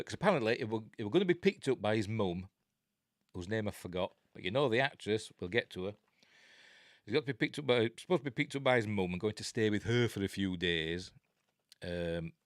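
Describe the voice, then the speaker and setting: A man's voice: on the low side, dry recording, clean studio sound. A man with a Yorkshire accent, reviewing a horror film in a rambling, jokey way, full of ums and uhs. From Yorkshire, England. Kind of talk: casual film commentary.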